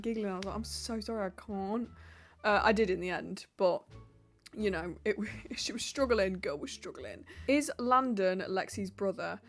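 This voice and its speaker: A woman, answering viewer questions in a casual vlog, chatty and bubbly with lots of fillers. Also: mid-range voice. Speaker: YouTuber and roleplay voice actor.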